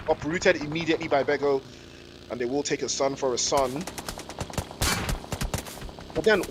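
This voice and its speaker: A man's voice: mid-range voice, background noise. Jokey slangy male esports caster. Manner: jokey, rambling, slangy, laughs often. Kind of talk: live esports commentary mixed with chat banter.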